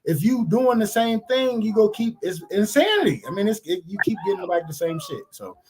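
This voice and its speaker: A man's voice: high-pitched, brisk, crowd noise, low-quality recording. A man co-hosting a casual podcast, talking bluntly with lots of slang and swearing. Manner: blunt, animated, heavy slang and profanity. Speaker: podcast co-host. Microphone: remote stream mic.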